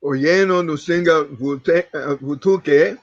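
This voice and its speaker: A man's voice: a little high, takes it slowly, dry recording, lo-fi sound. Hesitant male language student. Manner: hesitant, careful reader. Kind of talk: reading practice in class.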